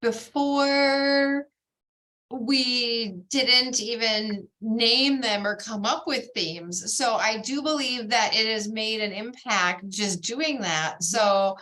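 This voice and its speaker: Woman host, bubbly and gushing, slightly high voice, slow easygoing delivery, video-call hosting. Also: pushed and bright. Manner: bubbly, gushing, keeps saying "oh my gosh". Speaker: bead society meeting host.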